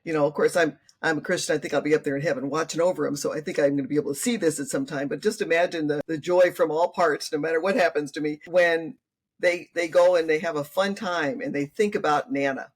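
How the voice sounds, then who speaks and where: A woman's voice: low voice, fairly even intonation, quick pace, husky. An older woman, a grandmother, talking earnestly as an interview guest and acting out what her family says. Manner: earnest, acts out family quotes. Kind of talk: conversational interview.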